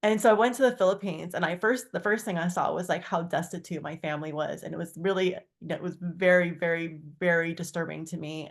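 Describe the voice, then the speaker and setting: A woman on a video call giving a heartfelt personal testimony, rambling with restarts and acting out quoted lines. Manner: earnest, rambling with many restarts and fillers; acts out quoted dialogue with big pitch jumps. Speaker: guest speaker on a community call.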